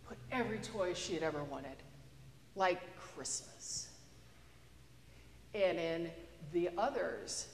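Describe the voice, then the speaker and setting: A woman pastor preaching a sermon in a chatty, storytelling way, recorded in a church. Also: lowish voice. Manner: conversational, storytelling with a joke. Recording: echoey church with long reverb.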